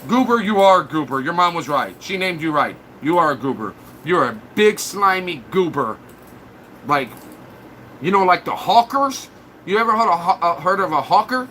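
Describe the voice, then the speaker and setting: A man's voice: sits high, lively intonation, moderate pace, sharp tone, a little hiss or hum. A man live streaming, mocking and trash-talking viewers in his chat in a blunt, crude way.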